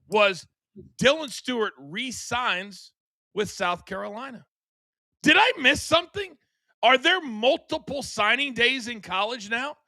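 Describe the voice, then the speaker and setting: A man's voice: sits high, pushed and bright, no room sound. A man hosting a sports talk show, playful and teasing as he hands the floor to his co-hosts.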